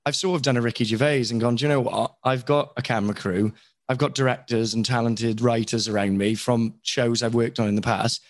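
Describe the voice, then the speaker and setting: A Welsh voice actor from Wales, appearing as an interview guest, talks frankly and at length in a candid conversational chat, rambling and often criticising himself. His medium-pitched voice has fairly even intonation and a brisk pace, recorded dry.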